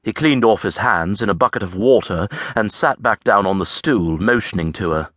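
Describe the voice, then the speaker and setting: A man with a voice on the low side narrates an audiobook from a script, measured and expressive in his storytelling. The recording is studio quality with no room sound.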